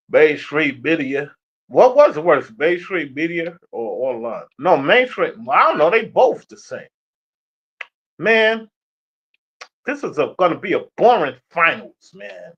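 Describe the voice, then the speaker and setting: A young sports streamer rants casually about basketball, profane and trash-talking. His voice sits a little high with big pitch swings, and he speaks slowly with long pauses. The stream audio is dull and lo-fi.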